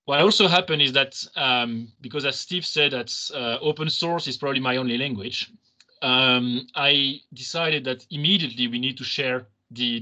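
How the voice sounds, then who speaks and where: A seismologist giving a seminar over a video call, hesitant, with many restarts and fillers. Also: male voice, medium pitch, bright, forceful tone, poor audio. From Belgium. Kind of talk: academic seminar talk.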